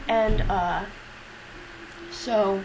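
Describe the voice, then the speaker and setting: A woman's voice: mid-range voice, steady tone, drawn-out words. Rambling young woman vlogging, faint hiss. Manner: rambling, profane, self-deprecating with many fillers. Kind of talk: casual confessional vlog.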